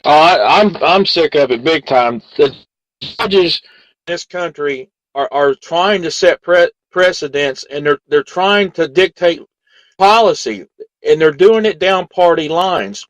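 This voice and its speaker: A man co-hosts a talk radio show in an earnest way, often restarting his words. His voice sits a bit high, close and dry on the mic. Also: lively intonation, measured pace, no echo, poor audio. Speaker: radio co-host.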